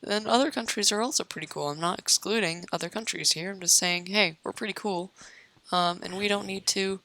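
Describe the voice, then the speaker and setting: A woman's voice: medium pitch, fairly quick, bright, forceful tone. A young American woman casually rambling while she plays a game, meandering with many fillers and restarts, her voice getting worn. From United States. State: losing her voice. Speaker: YouTuber.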